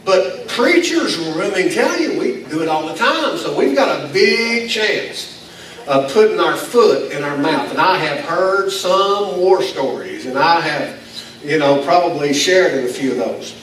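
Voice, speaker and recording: High-voiced pastor in an echoey hall. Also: male voice, expressive, measured pace, a bit bright. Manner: folksy, self-deprecating, with chuckles. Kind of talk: conversational sermon. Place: church meeting in a school building. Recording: echoey hall, distant mic, faint noise.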